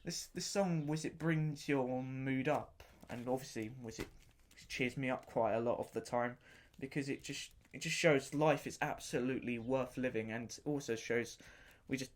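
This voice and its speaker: With a steady tone in the mid range at normal speed, a man casually reviews an album on a podcast he hosts, speaking unscripted. He goes on enthusiastically, repeating things and halting to search for words.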